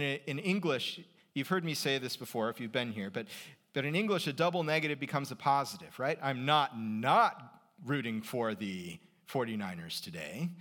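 A man preaching a sermon as pastor, talking in a conversational way, rising in pitch and volume to stress points and dropping almost to a whisper on key questions. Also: a bit bright.

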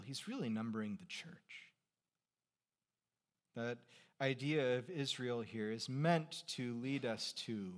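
In a mid-range voice, a middle-aged man delivers a sermon as the pastor. He talks conversationally, asks rhetorical questions, and swings between soft asides and strongly stressed points.

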